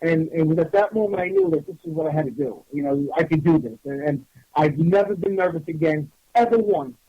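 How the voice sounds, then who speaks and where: Animated storytelling man, husky. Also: on the high side, fairly quick, dry recording. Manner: animated, rambling, many restarts. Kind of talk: casual storytelling. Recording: dull lo-fi radio audio.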